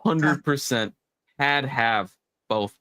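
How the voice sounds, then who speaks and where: A man's voice: medium pitch, slow, bright, forceful tone, no room sound. Laid-back man in dry casual chat. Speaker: stream guest. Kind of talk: casual live-stream chat.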